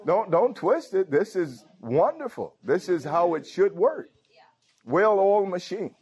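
A man's voice: sits high, very animated, a little slow, a little mellow, husky. A pastor preaching a sermon. He talks informally and keeps calling out to his congregation. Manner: informal preaching with frequent call-outs to the congregation. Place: church.

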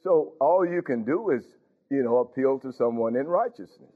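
A man preaches in a conversational way, questioning the congregation about whether they follow and chuckling along. He speaks at a moderate pace with a medium-pitched, animated voice. Tinny, phone-like recording.

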